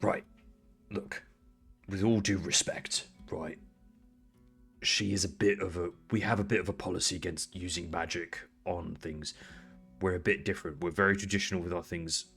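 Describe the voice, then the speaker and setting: A man voicing a traditional male Firbolg smith who speaks quietly, in a measured and politely firm way. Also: low-pitched, fairly even intonation, gravelly, husky, soft background music, heavily acted. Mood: stern calm.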